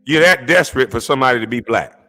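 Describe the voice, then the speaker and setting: A man streaming a profane comedic rant as he reacts to clips, incredulous and mocking, often shouting. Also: mid-range voice, fast, faint music behind.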